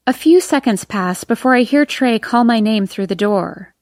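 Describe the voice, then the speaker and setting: A woman narrating a first-person audiobook in an expressive, emotional reading. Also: fairly high pitch, normal speed, dry recording, clean studio sound.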